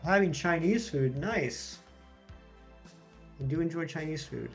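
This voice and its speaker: Young man with a somewhat high voice, talking casually over faint music. He banters easily with his viewers and reads their comments aloud as he goes. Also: animated, unhurried, gravelly. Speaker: streamer reading chat. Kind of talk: casual live-stream chat.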